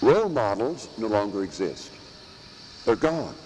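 A priest preaching a sermon in slow, emphatic phrases, with long pauses and pointed rhetorical questions. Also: male voice, fairly low pitch, big pitch swings, a little mellow, long reverb tail, a little hiss or hum, low-quality recording. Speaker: priest teaching at a monastery. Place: church or monastery chapel.

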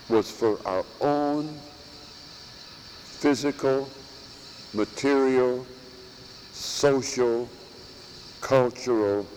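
A priest preaching a sermon in slow, emphatic phrases, with long pauses and pointed rhetorical questions. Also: male voice, medium pitch, a little mellow, in a large hall, slight background noise, rough recording. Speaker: priest teaching at a monastery. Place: church or monastery chapel.

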